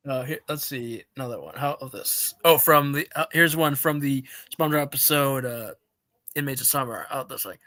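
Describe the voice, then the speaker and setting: A man chatting on a stream, hesitant and filling pauses as he picks clips. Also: mid-range voice, sharp tone, dry recording. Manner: hesitant, lots of uh. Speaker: stream guest. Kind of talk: casual chat.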